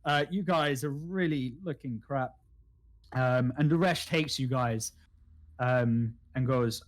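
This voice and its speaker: A man narrating as game master in a tabletop game, halting and filled with fillers. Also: medium pitch. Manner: halting, full of fillers and restarts.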